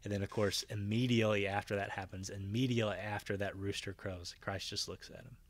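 A man's voice: fairly low pitch, fairly even intonation, a little fast, no echo. A man preaching a conversational Bible-teaching sermon, retelling scenes with voiced quotes and frequent fillers and restarts. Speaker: pastor.

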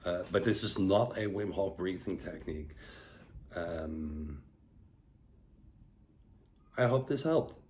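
A man giving a relaxed, rambling guided breathing lesson, full of fillers and restarts. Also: low-pitched, slow, long pauses. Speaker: breathwork instructor.

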